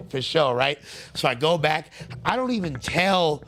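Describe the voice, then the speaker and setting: A man's voice: on the high side, lively intonation, a little slow, fairly bright tone. Slangy streetwise man telling stories. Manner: slangy, streetwise storytelling with frequent fillers; acts out the voices of people he quotes. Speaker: interview guest. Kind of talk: casual storytelling in an interview.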